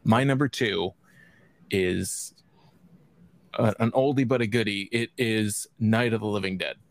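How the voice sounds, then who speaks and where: A man's voice: on the low side, unhurried, dry recording. A man guesting on a casual podcast chat, talking in a rambling, hesitant way with many ums.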